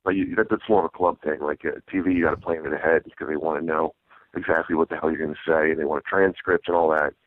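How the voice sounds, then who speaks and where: A very deep-voiced man, a stand-up comedian, chats casually in an interview, hesitating and restarting his sentences. His voice comes through dry and tinny, like a phone line. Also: steady tone, dry recording. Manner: halting, with many restarts and fillers.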